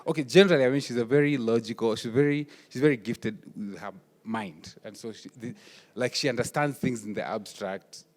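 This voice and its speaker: A man speaking at a workshop, animated and anecdotal, playing out conversations as he tells them. His voice sits at an ordinary middle pitch for a man. The sound carries the long reverb of a conference hall. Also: brisk. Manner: animated, acts out family dialogue. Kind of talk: storytelling workshop talk.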